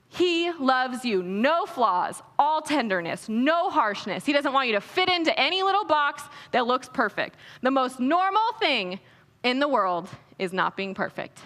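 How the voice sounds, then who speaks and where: A young woman speaking at a conference, giving an energetic, playful and earnest inspirational Christian talk on a stage microphone in an echoey hall. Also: high-pitched, a little slow. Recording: echoey hall with long reverb.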